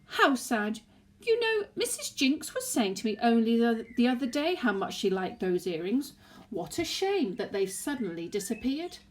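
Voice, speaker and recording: A woman's voice: a little high, sing-song, moderate pace, pitched above the performer's own voice. A woman voicing a scheming elderly grandmother who talks in a sweetly insinuating, sing-song way, in a storybook reading. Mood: sly sweet. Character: sly, scheming old grandmother, falsely innocent.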